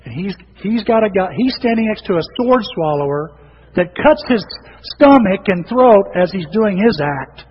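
A man's voice: high-pitched, expressive, moderate pace, slightly rough. A middle-aged man preaching a sermon to his church in a conversational storytelling way, acting out the people he quotes. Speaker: pastor. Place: church sanctuary. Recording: dull reverberant hall recording with faint noise.

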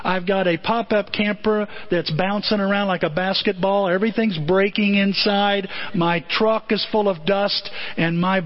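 Man preaching, high voice, animated story sermon, dull lo-fi sound. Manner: animated, conversational storytelling with comic asides. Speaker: pastor. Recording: dull lo-fi audio.

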